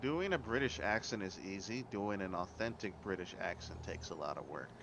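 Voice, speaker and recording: A man's voice: low-pitched, expressive, normal speed, creaky, noisy background. A man making dry, matter-of-fact remarks over voice chat while gaming. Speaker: gamer on voice chat.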